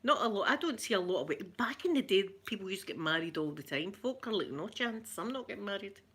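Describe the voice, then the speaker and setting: A woman's voice: medium pitch, animated, fast, fairly bright tone, husky. A middle-aged Scottish woman chatting casually with her live viewers, greeting them by name and laughing often. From Scotland. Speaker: ASMR livestream host.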